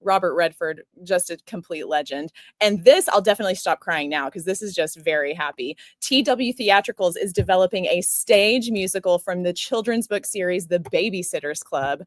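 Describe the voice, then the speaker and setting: A woman's voice: on the low side, moderate pace, hardly any pauses, no room sound. A woman hosting a talk show and interview, gushing and effusive as she speaks. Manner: effusive and gushing, easily choked up. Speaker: show host.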